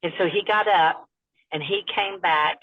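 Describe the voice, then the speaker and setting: A woman's voice: lowish voice, measured pace, husky, narrow, tinny audio. Woman telling a ghost story by phone. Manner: storytelling, acts out quoted voices. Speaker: caller.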